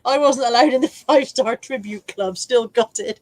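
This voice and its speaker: A woman's voice: on the high side, fairly quick, few pauses, dry recording. Chatty English woman in her forties. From England. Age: 40s. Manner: chatty, self-mocking, laughs often. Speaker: reseller livestream host. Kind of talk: casual live chat reading comments.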